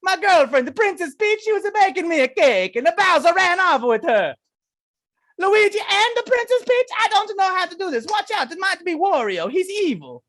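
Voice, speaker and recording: Shrill fake-Italian Mario. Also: male voice, full character voice. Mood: excited. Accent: exaggerated fake Italian. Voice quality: shrill, shouty, high falsetto. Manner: excitable, rapid-fire, over-the-top. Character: loud cheery cartoonish male plumber hero. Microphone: headset.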